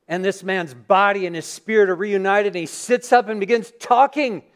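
A man preaching a sermon as pastor in a church, reading scripture and then retelling the story in an animated, dramatic way. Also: high voice, normal speed, few pauses. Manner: animated storytelling, acting out scenes. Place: church sanctuary.

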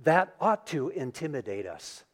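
A man preaching a sermon as pastor in a church, reading scripture and then retelling the story in an animated, dramatic way. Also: a little high, unhurried. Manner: animated storytelling, acting out scenes. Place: church sanctuary.

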